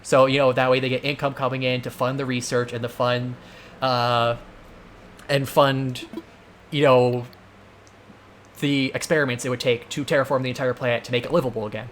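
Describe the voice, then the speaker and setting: A man's voice: mid-range voice, flat delivery, normal speed, pauses often, fairly bright tone, slight background noise. Rambling man talking over gameplay. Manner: rambling, full of filler words; exasperated ranting. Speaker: let's play host. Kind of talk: casual gameplay commentary.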